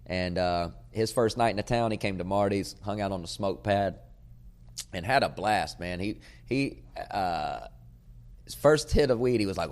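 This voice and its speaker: A man hosting his own podcast as a comedian, rambling in a profane, casual way and sometimes breaking into loud shouting. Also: low-pitched, moderate pace. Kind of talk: casual chat.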